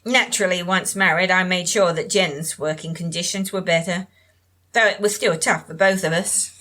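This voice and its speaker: A woman voicing a frail, evasive older woman in an audiobook, with a nasal voice and a halting, drifting way of talking, as if to herself. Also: fairly low pitch, fairly even intonation, sharp tone. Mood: defensive. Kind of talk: audiobook character reading.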